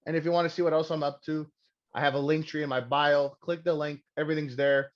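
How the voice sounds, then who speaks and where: A man's voice: fairly high pitch, flat delivery, quick pace. Profane, joking young podcast host man. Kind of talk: casual chat. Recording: dull lo-fi sound.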